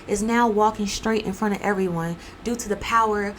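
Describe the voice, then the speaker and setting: Animated woman telling a true-crime story. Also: mid-range voice, normal speed, slight background noise, low-quality recording. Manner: animated, playful voices for quotes. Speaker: podcast host. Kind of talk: casual storytelling.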